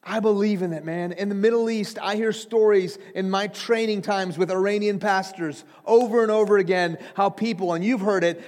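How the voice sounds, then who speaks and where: A man from Iran preaching a sermon, earnest and urgent, speaking straight to his listeners as he tells stories. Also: high voice. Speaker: preacher and trainer of pastors. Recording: long hall reverb.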